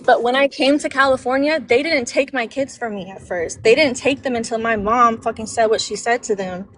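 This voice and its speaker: A woman's voice: a little high, a little fast, fairly bright tone. A woman venting on a livestream, rambling and emphatic, heavy with swearing. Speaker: livestream guest. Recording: noisy background.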